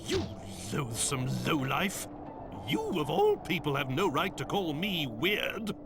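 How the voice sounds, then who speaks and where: A man's voice: fairly high pitch, big pitch swings, slow pace, full character voice. A man voicing a pompous, cranky old monster king in a game playthrough. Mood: outraged. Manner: indignant, haughty. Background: game music.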